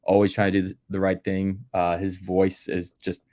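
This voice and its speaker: A man in casual movie-podcast chat, enthusiastic and quick to laugh. His voice sits fairly low, and he often stalls on fillers before getting his point out. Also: completely flat delivery, warm tone. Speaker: podcast co-host.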